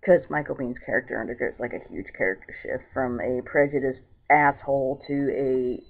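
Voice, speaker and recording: Rambling woman reviewing a film, gravelly. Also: a bass voice, fairly even intonation, normal speed. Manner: rambling, filler-heavy retelling with lots of "like"; exasperated and indignant. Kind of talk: casual vlog movie review. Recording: tinny, phone-like lo-fi sound.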